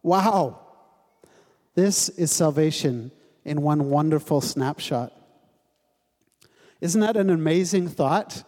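A man gives a sermon in an easy, conversational way, now and then joking with the congregation and putting questions to them. His voice sits a bit high. Long reverb from the sanctuary trails after his words. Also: takes it slowly, long pauses. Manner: conversational, gently humorous, asks the congregation questions. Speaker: pastor. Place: church sanctuary.

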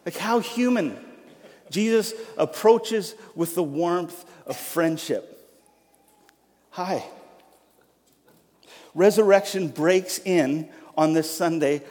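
A man preaching an Easter sermon, reading scripture and then talking in a lively, joking way with frequent restarts. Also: high-pitched, slow. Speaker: pastor. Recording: long hall reverb.

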